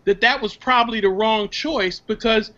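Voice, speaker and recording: A high-pitched, sharp-toned man lectures firmly, cutting others off to make his point. He sounds a little muffled over a video call. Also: normal speed. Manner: firm, lecturing, cuts in with repeated commands. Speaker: panelist mediating a discussion. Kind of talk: heated casual debate.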